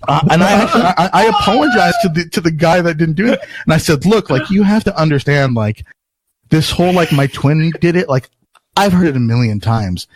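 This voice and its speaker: Swearing often and acting out quotes, a man animatedly spins a long, casual story on a podcast. His voice is a little high and his speed normal, with no echo on the recording.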